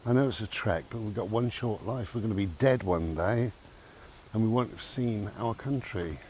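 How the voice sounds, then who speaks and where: A man's voice: on the low side, normal speed, a little mellow. A man vlogging outdoors with a handheld camera, chatty and rambling, a little out of breath from walking. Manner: rambling, chatty, talks to his dog. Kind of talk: casual outdoor vlog talk. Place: outdoors in a park. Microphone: handheld camera mic. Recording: faint outdoor background noise.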